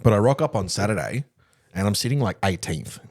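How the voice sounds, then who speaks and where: A young man on a casual podcast, relaxed, swearing now and then and chuckling. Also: on the low side, fairly quick. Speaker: podcast co-host. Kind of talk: casual chat.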